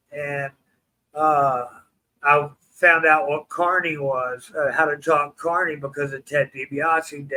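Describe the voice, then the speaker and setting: A man telling an animated story in an interview, acting out the voices of the people in it. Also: on the high side, poor audio. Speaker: interview guest.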